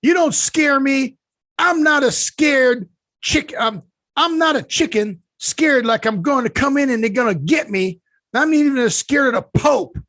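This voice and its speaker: A man mimicking a belligerent, irate woman passenger, ranting and shouting in a shrill voice. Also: expressive, a little slow, no echo, clean studio sound, full character voice. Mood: furious ranting. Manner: ranting, threatening.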